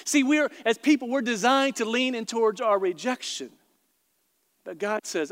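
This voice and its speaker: High-voiced preacher in an echoing hall. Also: male voice. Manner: animated storytelling, quick asides to the congregation. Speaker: pastor. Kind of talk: sermon. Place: large church auditorium before a congregation. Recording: long hall reverb in a large room.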